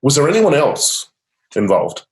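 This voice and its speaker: A man's voice: fairly high pitch, big pitch swings, measured pace. A man guiding a client through a coaching session, upbeat and encouraging, with casual fillers. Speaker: change coach. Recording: roomy echo.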